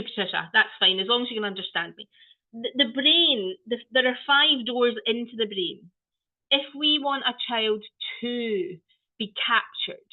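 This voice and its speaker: A woman giving an online training talk on children's play, animated and playful, often exclaiming. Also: fairly high pitch. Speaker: early-years play trainer. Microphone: video call. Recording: tinny video-call audio.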